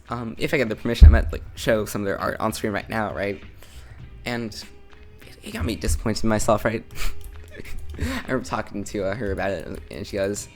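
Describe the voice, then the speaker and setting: A teenage boy tells a rambling story over live gameplay. His pitch swings all over in an animated, lively way, and he keeps breaking into giggles and filler words. Faint game music plays underneath. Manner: rambling and giggly, says "right?" and "like" constantly. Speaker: gaming channel host.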